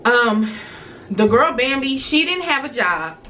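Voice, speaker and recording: Animated bright-voiced woman telling a story. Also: a little high, unhurried, a little hiss or hum. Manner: animated storytelling, addressing viewers directly. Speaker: vlogger. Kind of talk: casual storytime vlog.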